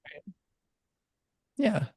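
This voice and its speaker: A man's voice: very slow, warm tone, no room sound, clean studio sound. A man speaking as a podcast guest in casual conversation, rambling and acting out little bits of dialogue. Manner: rambling, acts out voices of friends.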